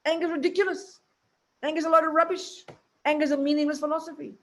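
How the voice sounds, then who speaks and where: A woman voicing a calm male Tibetan ex-monk who dismisses anger in a breezy, emphatic way. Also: very high voice, fast, pitched above the performer's own voice. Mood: breezy scornful.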